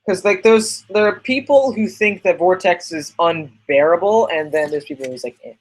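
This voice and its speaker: A man's voice: high voice, normal speed, low-quality recording. A man hosting a casual livestream podcast, rambling and chatty as he answers viewers' questions. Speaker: podcast host reading live chat.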